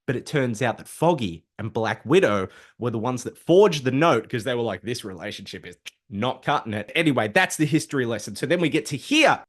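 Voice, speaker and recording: Male host with a mid-range voice, loose, swearing, sardonic recap delivery. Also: medium pitch. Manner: profane, animated storytelling with sarcastic asides. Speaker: comic book video host. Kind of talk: casual comic recap.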